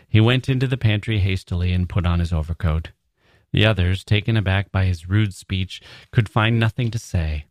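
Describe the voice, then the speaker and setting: A man hosting a podcast, reading a story in a measured, reflective way and commenting on it. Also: sits low, dry recording, studio quality. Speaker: podcast host.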